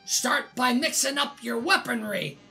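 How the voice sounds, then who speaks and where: A woman's voice: on the high side, animated, measured pace, sharp tone, voice pushed down, exaggerated voice. A woman reading aloud the lines of a little pirate girl in a video game, with salty pirate talk. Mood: bossy. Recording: game music behind.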